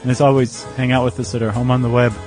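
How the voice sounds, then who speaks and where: A man's voice: medium pitch, little pitch movement, fast, loud music behind the voice. A man co-hosting a podcast in casual chat, wry and joking. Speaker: podcast co-host.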